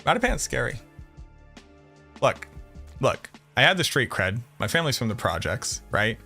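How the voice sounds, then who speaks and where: A man's voice: mid-range voice, sing-song, normal speed, gravelly, sharp tone, faint music behind. A man from the Boston area with a Boston accent, chatting casually and brashly with viewers on a game livestream, swearing and joking. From Boston area, USA. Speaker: game streamer.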